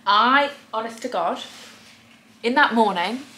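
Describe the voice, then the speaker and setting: A young woman chatting casually and telling animated stories as a podcast co-host. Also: a little slow, roomy sound, slight background noise. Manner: animated storytelling, acts out voices in high excited tones. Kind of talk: casual chat while eating. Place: flat living room.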